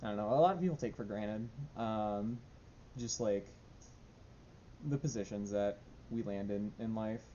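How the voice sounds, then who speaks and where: Young guy rambling in his home vlog, mellow voice, kinda muffled lo-fi mic with a little hiss. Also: fairly low pitch, a little slow, pauses often. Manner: rambling, self-deprecating, many fillers, baby talk to his dogs. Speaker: vlogger. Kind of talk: casual diary vlog. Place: home room.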